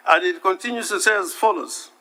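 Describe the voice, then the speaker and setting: A man giving a formal legal submission to a senate, deliberate and emphatic, stressing and repeating key words. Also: high-pitched, bright, forceful tone. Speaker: counsel addressing the Senate. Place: legislative chamber.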